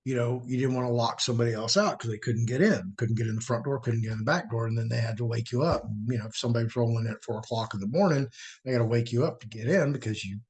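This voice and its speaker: A man's voice: mid-range voice, slightly rough. A middle-aged man, host of his own show, telling a personal story casually and acting out the quotes in a raised voice. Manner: animated, acts out quotes in a raised voice.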